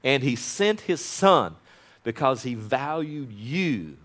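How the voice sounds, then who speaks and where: A pastor with a mid-range voice preaches in a very animated way but takes it slowly. He calls on the congregation to repeat after him while moving between fervent, loud prayer and soft, intimate asides.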